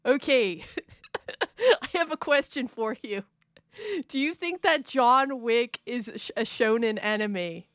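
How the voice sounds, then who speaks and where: Playful slow-talking woman streamer. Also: a little high, lively intonation, no echo, clean studio sound. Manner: playful, rambling, laughs often, answers chat. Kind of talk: casual live-stream chat.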